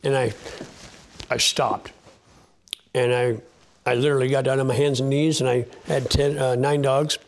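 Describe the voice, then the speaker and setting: In an interview, a man who races sled dogs shares a heartfelt story in a plain, folksy way, full of fillers and false starts, sometimes choked up near tears. His voice is medium-pitched, gravelly and flat, at a normal speed with frequent pauses, over a little hiss or hum.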